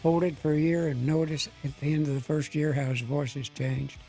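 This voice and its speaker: しゃがれ声の年配男性ゲスト. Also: male voice, a little high, level tone, dark tone, faint music behind, low-quality recording. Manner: measured, advising. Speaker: guest, retired referee. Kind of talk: radio talk.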